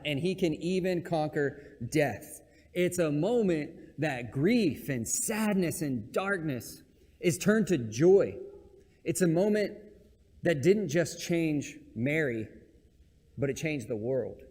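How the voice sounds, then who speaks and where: A man with a fairly high voice preaches a relaxed, conversational sermon and jokes at his own expense. His voice rings out with a long reverb that trails through a church sanctuary. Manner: casual, joking, self-deprecating.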